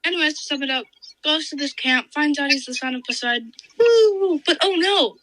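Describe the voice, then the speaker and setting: A teenage girl co-hosting a casual podcast, excitable and giggly as she jumps in with details. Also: sits high, quick pace, rough recording. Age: teens. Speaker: podcast co-host. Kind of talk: casual chat.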